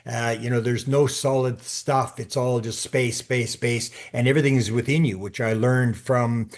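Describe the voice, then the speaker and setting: A man's voice: medium pitch, steady tone, moderate pace. A man talking as a podcast guest in a casual, storytelling way, often restarting and repeating words as he goes. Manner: acts out quoted speech in his stories.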